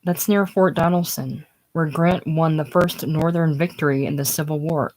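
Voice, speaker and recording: A woman voicing a chatty, excitable young woman who rattles on about her stage triumph, in a casual script reading. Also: deep voice, moderate pace, lightly acted, low-quality recording. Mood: gushing. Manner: rattles on breathlessly, gushing.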